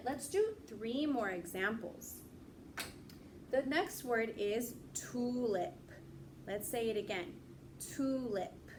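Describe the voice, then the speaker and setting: A young woman teaching young children, speaking slowly and clearly, patient and encouraging, stretching out each word. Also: a little high, expressive, noisy background.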